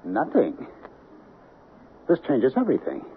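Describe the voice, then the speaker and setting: A panicky guilty husband, pleading, 1970s radio play, lo-fi broadcast. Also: male voice, medium pitch, huge pitch swings, measured pace, a little hiss or hum. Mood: anxious. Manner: anxious, pleading, mumbling in his sleep. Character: guilt-ridden, frightened husband and salesman. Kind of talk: 1970s radio drama acting. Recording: narrow, phone-like old radio broadcast.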